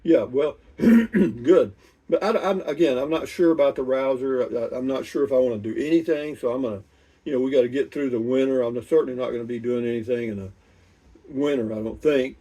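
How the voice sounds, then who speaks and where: An older man, reading out viewer comments and chatting about them in an unhurried, rambling way with many restarts. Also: mid-range voice, warm tone, recorded from a distance. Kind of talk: casual chat.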